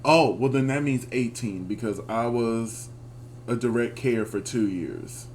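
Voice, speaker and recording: A man co-hosting a casual review podcast, chatting with a friend in an animated, expressive way. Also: medium pitch, unhurried, a little hiss or hum. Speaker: podcast co-host. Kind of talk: casual chat.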